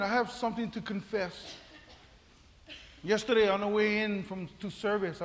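A man, a pastor telling a comic story in a sermon, acting out voices and laughing often. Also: sits high. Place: church hall. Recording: long reverb of a large hall.

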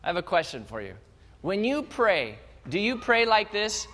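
Animated high-voiced male pastor preaching. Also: moderate pace. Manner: animated storytelling, addresses congregation directly. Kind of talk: sermon. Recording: long hall reverb.

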